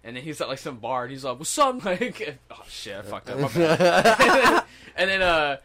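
A man's voice: fairly high pitch, big pitch swings, normal speed, pushed and bright. A young man hosting a podcast, telling a rambling, profane story with frequent laughs. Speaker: podcast host. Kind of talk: casual storytelling chat.

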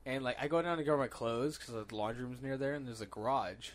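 A man's voice: mid-range voice, fast. A man in his twenties, a podcast host, telling a story in casual chat, swearing freely and acting out what people said. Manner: animated storyteller, swears a lot, acts out quotes.

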